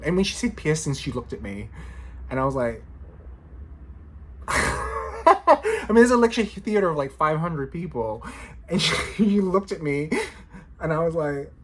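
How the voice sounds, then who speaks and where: A man's voice: a little high, big pitch swings, unhurried, long pauses. A man in his thirties, a law student, chatting casually to camera in a playful, slangy way, often breaking into laughter. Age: 30s.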